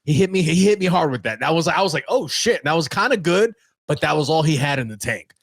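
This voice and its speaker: A young man co-hosting a podcast, telling a story in casual chat with lots of swearing and animated retelling. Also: on the high side, fast, no room sound. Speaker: podcast co-host.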